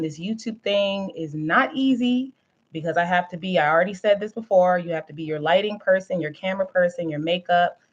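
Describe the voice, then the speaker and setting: A woman's voice: fairly low pitch, lo-fi sound. A woman hosting a live stream, chatting casually with viewers in a rambling way, with lots of fillers and frequent laughs. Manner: laughs often while talking.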